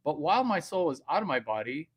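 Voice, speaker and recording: A man's voice: a little high, big pitch swings, fast talker, slightly rough. A man hosting a livestream, telling a crude, boastful, rambling comic story.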